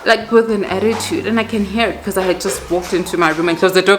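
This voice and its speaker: A woman, chatting to camera as a vlogger and mother in her kitchen, animated and laughing as she talks. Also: mid-range voice, fast talker, few pauses, soft background music. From South Africa. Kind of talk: casual chat to camera. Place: home kitchen.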